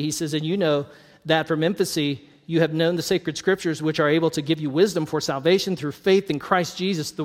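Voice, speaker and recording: His voice high and light, a North Idaho pastor delivers a sermon that feels friendly and conversational, full of jokes and frequent laughter. Everything echoes with long reverb, like a big church hall.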